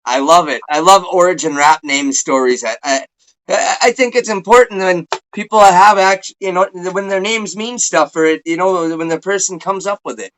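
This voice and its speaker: A man hosting a casual interview, laid-back and quick to laugh. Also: sits high, fairly bright tone, rough recording. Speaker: interview host.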